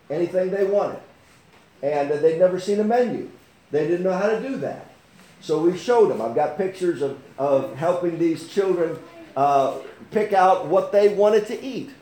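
An older man delivers a testimony sermon drawn from his own life, in a voice that is high for a man but dark in tone. He stops and restarts with plenty of fillers, then swells into fervent outbursts, and the sound carries a roomy echo.

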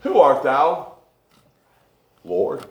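A man preaching a sermon, rhythmic and swinging between hushed lows and shouted peaks. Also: wildly swooping pitch, extremely slow, reverberant.

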